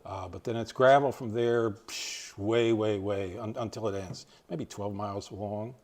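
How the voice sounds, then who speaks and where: A man's voice: lowish voice, steady tone, a little slow, darkish tone. An older man from East Tennessee giving an informal library talk, rambling and hesitant with many fillers and restarts. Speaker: library lecturer.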